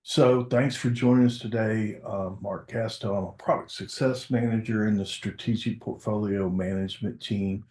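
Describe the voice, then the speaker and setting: A man's voice: fairly low pitch, steady tone, moderate pace, hardly any pauses, darkish tone, echoey room. A man presenting a corporate webinar as a product success manager, speaking casually and conversationally with frequent filler words.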